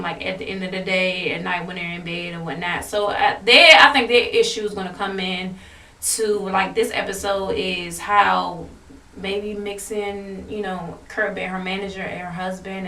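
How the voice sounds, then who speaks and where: Woman in her 20s rambling about a tv episode, bright voice, sits back from the mic. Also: mid-range voice, gravelly, far from the mic, slight background noise. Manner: rambling retelling full of fillers and restarts. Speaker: vlogger reviewing a reality show. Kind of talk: casual chat. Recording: echoey room, voice away from the mic.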